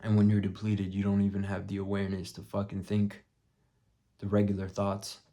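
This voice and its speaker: A young man vlogging, telling a story bluntly with plenty of swearing and dropping to a hush for his own thoughts. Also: lowish voice, completely flat delivery, fairly quick. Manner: profane, blunt, drops to a muttered hush for quoted thoughts. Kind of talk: casual storytelling vlog.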